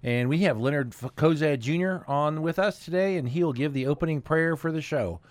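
Relaxed man hosting a radio show. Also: fairly high pitch, normal speed, no room sound. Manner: relaxed, friendly, reads sponsors.

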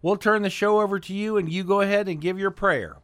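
A man's voice: high voice, fairly quick, fairly bright tone, no room sound. A man hosting a community radio talk show in an easygoing, casual way. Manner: easygoing, with fillers and restarts.

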